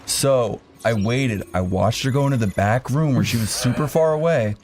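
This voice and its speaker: A young man telling a profane, animated story in a casual chat among friends. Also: medium pitch, normal speed, slight background noise. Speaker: podcast co-host.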